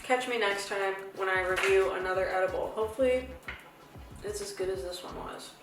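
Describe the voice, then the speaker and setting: A woman's voice: medium pitch, brisk. A young woman hosting a casual review vlog, chatty, rambling and playful. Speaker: host reviewing edibles. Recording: echoey room from far off with music.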